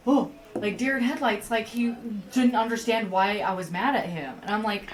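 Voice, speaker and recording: A woman co-hosting a podcast, telling a work story in casual chat, swearing freely and jumping up in pitch when she quotes herself. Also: expressive, normal speed, recorded from a distance, a little hiss or hum, poor audio. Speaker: podcast co-host.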